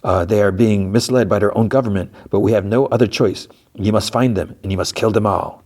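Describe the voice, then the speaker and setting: Guy reading as a cold lady commander giving kill orders, deep flat voice. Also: fairly quick, slightly rough.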